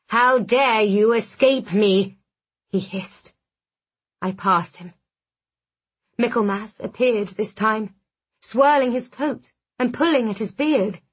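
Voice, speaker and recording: A woman reading a first-person dark fantasy audiobook in a measured, dramatic way. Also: on the high side, husky. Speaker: audiobook narrator. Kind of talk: first-person scripted narration.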